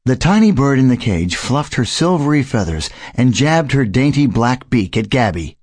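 Expressive male audiobook narrator. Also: medium pitch, moderate pace, hardly any pauses, dry recording, clean studio sound. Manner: expressive storytelling. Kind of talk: scripted narration.

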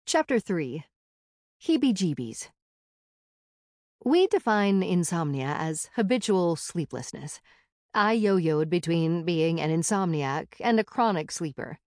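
Female audiobook narrator, first person, wry and measured, low voice, dry studio sound. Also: expressive, a little mellow, no room sound.

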